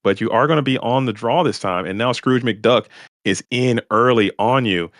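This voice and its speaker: A man's voice: mid-range voice, normal speed, fairly bright tone, dry recording, clean studio sound. A man commentating a live card game tournament stream, chatty and explaining each play as it happens.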